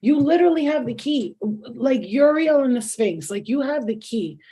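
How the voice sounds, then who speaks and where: This middle-aged woman, a tarot reader, hosts a live spiritual reading with an animated, mellow voice that sits high and moves at a moderate pace. She talks casually, swears, restarts sentences and laughs often.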